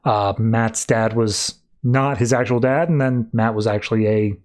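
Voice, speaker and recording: A male podcast host recapping a comic book in casual chat. He rambles quickly through the story, with plenty of fillers and restarts. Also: fairly low pitch, a little mellow.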